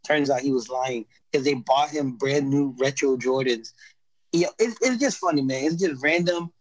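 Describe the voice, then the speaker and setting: A man's voice: medium pitch, moderate pace, dry recording, rough recording. A man in a casual podcast chat, rambling and laid-back as he recaps a TV show, full of slang and restarts.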